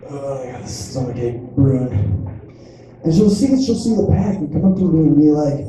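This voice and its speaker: A man's voice: on the high side, lively intonation, brisk, dark tone. Self-mocking comedian man in an echoey room. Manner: rambling, self-mocking, acts out voices. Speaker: stand-up comedian. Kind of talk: stand-up comedy set. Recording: echoey room picked up from a distance.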